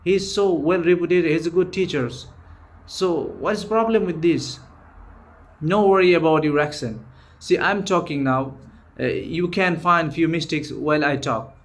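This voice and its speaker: A man's voice: fairly high pitch, unhurried. A man with a Bangladeshi accent, a native Bengali speaker, gives an earnest, informal spoken-English lesson, often restarting and repeating himself. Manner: earnest, repetitive, frequent restarts. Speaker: English teacher.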